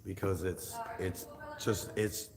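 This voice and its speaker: A man's voice: low-pitched, fairly even intonation, slow pace, over music. A man hosting a casual livestream, chatting loosely and joking with fillers and laughs. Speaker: livestream host. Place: large opera house hall with a crowd gathering. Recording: roomy hall reverb and crowd chatter.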